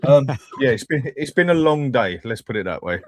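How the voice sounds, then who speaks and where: A man's voice: medium pitch, very animated, moderate pace. A man guest, swearing and mocking in casual banter. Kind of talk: casual chat.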